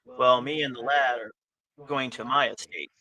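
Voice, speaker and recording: A man's voice: mid-range voice, moderate pace, bright, forceful tone, dry recording, rough recording. A man narrating a tabletop game as game master in a casual, descriptive way.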